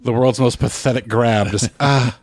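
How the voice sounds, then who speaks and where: A man's voice: on the low side, no room sound. Man talking casually in a dry room. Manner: halting, restarts, describes his character's actions. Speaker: player. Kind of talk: casual tabletop role-play.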